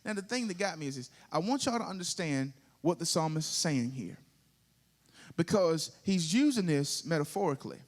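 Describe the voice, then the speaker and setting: A man's voice: on the high side, animated, moderate pace. A male pastor with a Southern US accent preaching a sermon, drawing call-and-response from the congregation and building to sung, rising climaxes.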